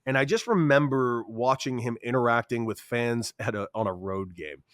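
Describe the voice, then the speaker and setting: Animated man telling a story. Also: moderate pace, no echo, studio quality. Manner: animated, acts out quotes with big pitch jumps. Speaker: podcast guest, former baseball player. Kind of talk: casual storytelling.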